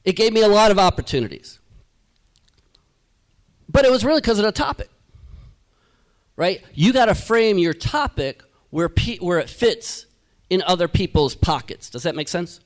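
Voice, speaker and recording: Guy speaker at an event, high voice, pumped up, keeps saying right? to the crowd. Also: moderate pace, long pauses. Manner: energetic, rhetorical, keeps asking "right?". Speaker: motivational speaker. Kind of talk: live keynote to an audience. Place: event hall.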